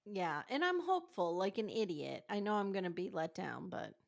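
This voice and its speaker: A woman's voice: medium pitch, very animated, normal speed, vocal fry. A woman guest on a podcast in casual chat, thoughtful and agreeable, adding wry asides.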